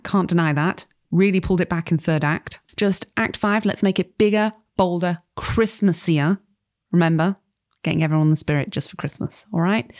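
A woman's voice: on the low side, a little mellow, lightly acted. A woman playing a pushy male studio executive in a tabletop game, salesy and always ending on "okay?". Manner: salesy, keeps tacking on "okay?". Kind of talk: tabletop role-play character voice.

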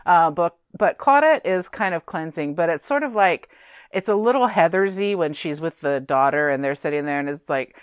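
A woman's voice: on the low side, animated, moderate pace, smooth, dry recording, studio quality. A woman chatting casually about a movie, thoughtful and hedging with "I mean".

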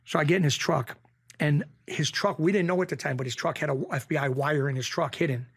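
A middle-aged man from New talks in a voice pitched a touch high for a man. He tells his stories in an animated, rough street way and often repeats himself. He sounds like a podcast guest deep in casual talk. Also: brisk. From Springfield, Massachusetts. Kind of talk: casual storytelling.

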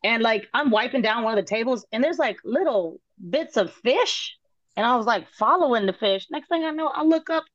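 A fairly high-voiced woman tells stories as an interview guest, animated and often laughing, swearing freely and acting out what people said. The sound is dry and a little dull. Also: brisk, no echo. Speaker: guest, former cooking show contestant. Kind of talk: casual storytelling interview.

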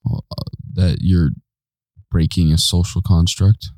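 A man's voice: sits low, little pitch movement, measured pace, a little mellow, dry recording. A man co-hosting a show who gives short, clipped answers and stumbles through his explanations. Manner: terse, hesitant replies. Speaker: co-host. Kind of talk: casual studio banter.

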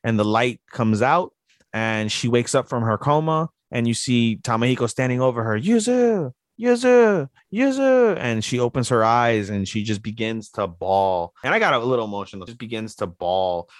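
Low-voiced man casually recapping an episode. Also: moderate pace, no room sound. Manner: rambling, heavy on fillers, swears casually. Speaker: podcast co-host.

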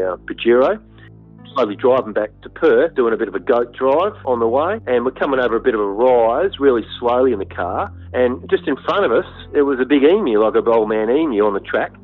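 An Australian hunter telling a story in an interview, blunt and animated, with frequent fillers. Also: male voice, mid-range voice. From Western Australia. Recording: tinny phone-like sound, faint music.

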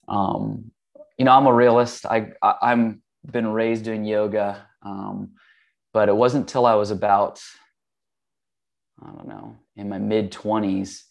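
A man in his forties, a guest in casual conversation, telling stories in a relaxed, rambling way full of fillers and restarts. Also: lowish voice, gravelly. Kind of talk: casual storytelling.

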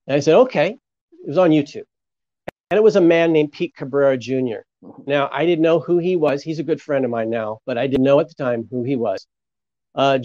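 A pastor tells his story with animated energy, acting out the people he quotes. His voice sits a little high. The sound is dry and slightly dull. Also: no echo. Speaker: pastor, guest. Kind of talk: storytelling testimony. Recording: muffled lo-fi sound.

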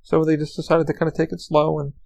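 A man's voice: on the high side, completely flat delivery, quick pace, gravelly, a little mellow, poor audio. A man hosting his own podcast, rambling through a casual story with lots of swearing, fillers and restarts. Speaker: podcast host. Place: lives in Orlando, Florida.

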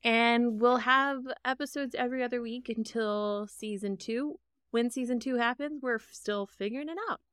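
A woman's voice: fairly high pitch, normal speed, fairly bright tone, clear, resonant tone, no echo, studio quality. A woman co-hosting and producing a podcast, talking casually, laughing often and poking fun at herself. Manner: chatty, laughs often, self-deprecating. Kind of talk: casual chat.

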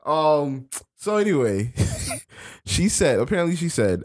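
A man's voice: mid-range voice, normal speed. A man co-hosting a podcast in casual chat, telling stories with lots of cursing and laughter. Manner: animated storytelling, cursing and laughing. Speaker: podcast co-host.

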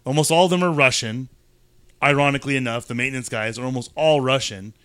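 Casual podcast co-host, male, bright clear tone, dry close sound, rambling storyteller. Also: mid-range voice, fast, no echo. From California, USA. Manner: rambling storyteller, animated asides. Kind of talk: casual chat.

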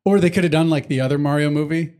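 A man's voice: on the high side, fast talker, a little mellow. Rambling, profane podcast guy. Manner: profane, rambling, breaks into goofy impressions. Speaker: podcast co-host. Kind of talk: casual chat.

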